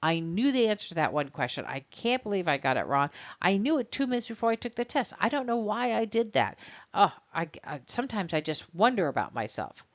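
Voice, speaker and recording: A woman voicing a fretful perfectionist student who is upset over a near-perfect grade, speaking in a quick, self-reproaching lament. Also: medium pitch, sing-song, lightly acted. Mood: dismayed. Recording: dull lo-fi recording.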